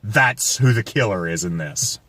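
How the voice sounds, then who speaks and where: A man's voice: on the low side, expressive, a little slow, bright, forceful tone. A man giving a casual movie review, ranting with profanity and sarcasm. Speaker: guest film reviewer.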